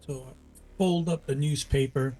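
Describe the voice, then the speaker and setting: A man playing in a tabletop game, asking quick questions and saying what his character does. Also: mid-range voice, fairly even intonation, warm tone, soft background music. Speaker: player.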